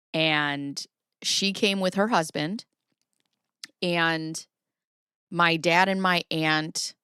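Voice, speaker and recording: A young woman tells a personal story in loose, casual talk, acting out every quoted line and swearing freely. Her voice sits a bit low and sounds smooth and clear. The recording is close and dry. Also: no room sound. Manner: animated, swears freely, acts out quoted lines. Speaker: podcast host.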